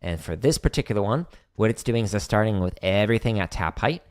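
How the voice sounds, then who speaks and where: Deep-voiced guy teaching drum stuff on a stream, laid back, lots of ums. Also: lively intonation, fast talker, a little mellow. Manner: casual, demonstrating as he talks, many fillers. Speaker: drumming teacher. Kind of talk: livestream Q&A lesson. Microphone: streaming setup at home.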